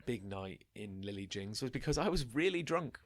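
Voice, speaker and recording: A man's voice: medium pitch, animated, moderate pace, no echo. A young man co-hosting a podcast, rambling through drinking anecdotes and acting out quotes with a laugh. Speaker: podcast co-host. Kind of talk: casual chat.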